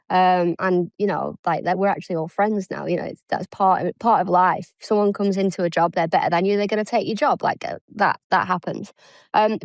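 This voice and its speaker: A woman's voice: mid-range voice, no echo. A woman in her thirties from England, a former cricketer chatting as an interview guest, self-deprecating and acting out the dialogue she quotes. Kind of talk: casual interview chat.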